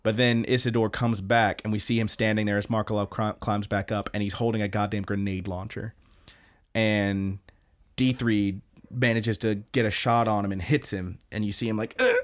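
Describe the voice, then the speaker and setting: Male podcast co-host, lowish voice, loose rambling recap style. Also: flat delivery, moderate pace. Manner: rambling retelling with fillers and quoted lines. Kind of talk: casual chat recapping an anime.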